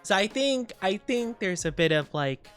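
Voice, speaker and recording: A woman's voice: medium pitch, expressive, normal speed, faint music behind. A young woman streaming casually, chatting with viewers in a bubbly, giggly way with cutesy slang. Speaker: VTuber streamer. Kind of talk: casual live-stream chat, greeting viewers.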